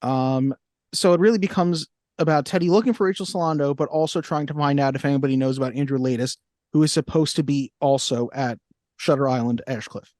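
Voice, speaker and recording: A man's voice: medium pitch, brisk, darkish tone, dry recording, clean studio sound. A man co-hosting a casual movie podcast, recapping a plot with fillers and frequent laughs. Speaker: podcast co-host.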